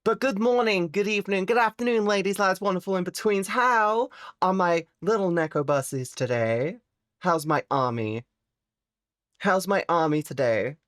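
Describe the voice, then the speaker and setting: A woman live streamer chatting casually with her viewers, playful and teasing, swearing freely and jumping suddenly into high squeaky exclamations. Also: normal speed, dry recording, clean studio sound.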